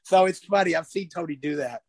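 Rambling older man, fairly high voice. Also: fairly quick, slightly rough, dry recording. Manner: rambling, animated storyteller who laughs often. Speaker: podcast guest. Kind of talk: casual interview chat.

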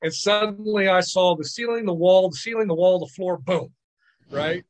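A man, a podcast guest, telling stories in lively casual chat, often repeating words and checking in with "right?". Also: high voice, moderate pace. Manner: animated storyteller, repeats words and asks "right?". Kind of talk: casual storytelling.

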